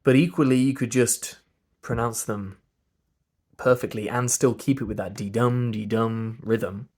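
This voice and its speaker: This man speaks at a medium pitch with a steady, slightly mellow tone and a somewhat slow pace. He has an English RP accent and gives a slow pronunciation lesson, drilling sounds one by one and explaining each.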